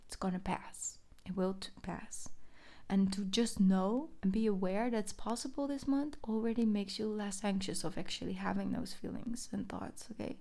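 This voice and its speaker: A young adult woman giving a casual tarot reading, reassuring and chatty, sometimes dropping into soft whispered asides. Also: medium pitch, creaky. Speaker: tarot reader.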